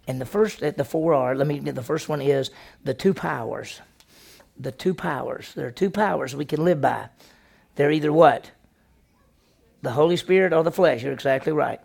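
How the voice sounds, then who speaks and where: A man's voice: fairly high pitch, normal speed, creaky, a little mellow. A male senior pastor teaching a conversational church lesson, telling folksy stories and asking the congregation questions he then answers himself. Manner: folksy, tells personal stories.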